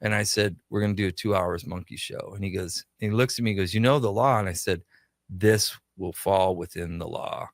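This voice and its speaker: Low-pitched and brisk on a dry recording, the man is a Minnesotan radio show creator appearing as a guest. He shares anecdotes in a studio in a relaxed way, acting out what people said.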